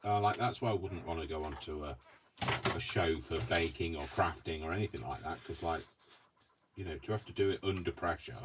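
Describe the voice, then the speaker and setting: Deep-voiced chatty man. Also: fairly quick, very noisy. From England. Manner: chatty, giggly, breaks into song. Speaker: crafting vlogger. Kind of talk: casual chat while crafting. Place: home craft room.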